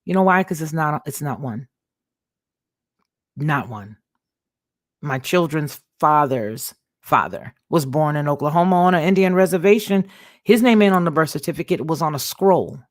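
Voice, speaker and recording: A woman's voice: low voice, a little fast, no echo, clean studio sound. A woman hosting her own show, talking in an emphatic monologue and repeating words for stress. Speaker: host. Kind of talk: monologue commentary.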